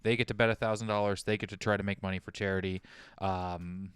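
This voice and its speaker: A male podcast host who talks casually and tosses off wry jokes. His voice sits low and sounds smooth and clean. The sound is dry and close, with no room echo. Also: little pitch movement, fast talker, fairly bright tone. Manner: wry, joking asides. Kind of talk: casual comedic podcast chat.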